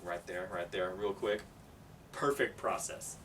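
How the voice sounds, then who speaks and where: Guy telling a story, kinda low voice, all animated, mic a bit far off. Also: a little slow. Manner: animated, acts out every character. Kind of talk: casual storytelling. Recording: distant mic, faint background noise.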